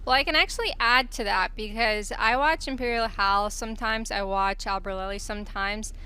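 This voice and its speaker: A woman doing live esports play-by-play commentary, making quick, descriptive game calls. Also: mid-range voice, sharp tone, clean tone. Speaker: esports caster.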